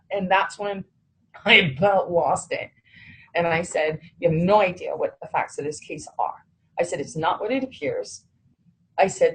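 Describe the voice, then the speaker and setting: Husky low-voiced woman telling a story. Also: moderate pace, poor audio. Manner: animated, quotes others in dialogue, swears when heated. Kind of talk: recounting a personal story.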